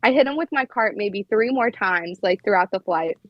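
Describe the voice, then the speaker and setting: A woman's voice: medium pitch, lively intonation, moderate pace, no echo, lo-fi sound. A young woman, a flight attendant, telling stories in a casual podcast chat and filling her talk with "like". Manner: chatty, heavy use of "like".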